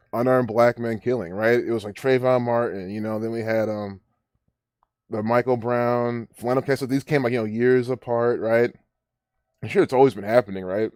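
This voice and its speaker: A man's voice: medium pitch, steady tone, normal speed, darkish tone, no room sound, studio quality. Rambling man ranting on a live stream. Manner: rambling, ranting, many restarts. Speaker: livestream host. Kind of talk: casual live-stream commentary.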